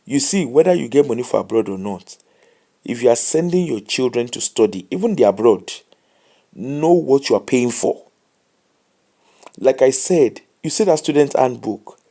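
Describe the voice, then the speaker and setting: A man's voice: medium pitch, animated, normal speed, warm tone. A tired man with a Nigerian accent hosting a late live show, giving casual commentary and advice in English mixed with Pidgin.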